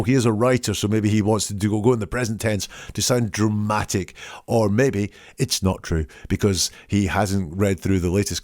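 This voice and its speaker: Low, dry-voiced man analysing wording. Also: a little mellow, no echo. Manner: analytical, reads quotes aloud and picks apart wording. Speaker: host analysing statements. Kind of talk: solo commentary.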